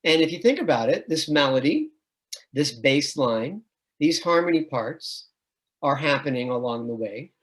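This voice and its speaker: A man's voice: fairly high pitch, expressive, moderate pace, fairly bright tone. A middle-aged man, a music education professor, presenting an online admissions webinar and patiently explaining with sung and chanted examples.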